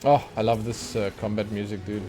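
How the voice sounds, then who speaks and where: A man's voice: on the low side, flat delivery, fairly quick, warm tone. Tired, rambling male streamer. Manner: rambling, chatty, self-mocking. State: tired from lack of sleep. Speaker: let's play streamer. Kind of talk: casual chat while gaming. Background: faint game music.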